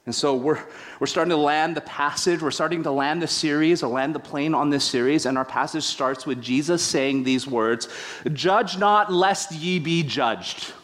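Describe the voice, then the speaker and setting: Animated, self-deprecating male pastor preaching. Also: on the high side, normal speed. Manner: animated storytelling with acted-out quotes. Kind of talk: sermon.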